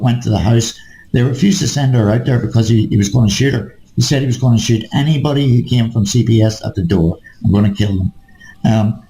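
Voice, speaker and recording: A man ranting in casual conversation, swearing freely and tagging "mate" onto his points. His voice is dark and mellow, and his words bounce around a roomy, echoey space. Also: medium pitch, slight background noise. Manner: ranting, profane, keeps addressing the listener as mate. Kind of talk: casual chat.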